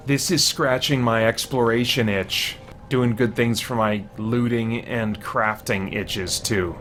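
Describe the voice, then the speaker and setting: A man talks his way through a game, reacting aloud to every sound and surprise. He is jumpy and excitable, sometimes yelping, and his voice sits at an ordinary middle pitch. Faint game music plays underneath. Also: a little slow. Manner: jumpy, excitable, easily startled. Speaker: gameplay commentator. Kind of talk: let's play commentary.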